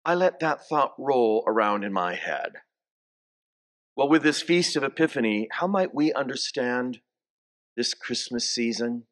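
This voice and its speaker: A man's voice: medium pitch, animated, a bit bright. A man in his sixties, a bishop, giving a homily in a church, telling family stories and coaxing the congregation to repeat greetings. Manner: slow, story-telling preacher who coaxes the congregation to repeat greetings.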